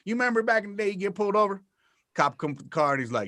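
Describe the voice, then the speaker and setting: A male road comic riffs on a video call. His voice sits high, bright and ringing. It swings all over the place as he rants, curses and acts out the people in his stories. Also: fast talker, pauses often. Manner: profane, animated ranting with acted-out voices. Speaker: stand-up comic. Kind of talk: virtual comedy show banter.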